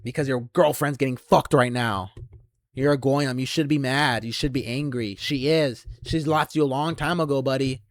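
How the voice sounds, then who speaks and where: A young man delivers an aggressive, taunting monologue straight to camera, full of profanity and swelling into shouts. His pitch sits in an ordinary middle range. The recording is dry and close, with no room sound. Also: steady tone, normal speed, dry recording. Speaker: channel host.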